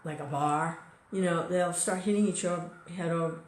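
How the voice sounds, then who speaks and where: A woman's voice: fairly low pitch, moderate pace, a little hiss or hum. A woman giving an informal devotional talk in a conversational way, full of "you know" and small restarts. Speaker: devotional speaker. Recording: echoey room recording.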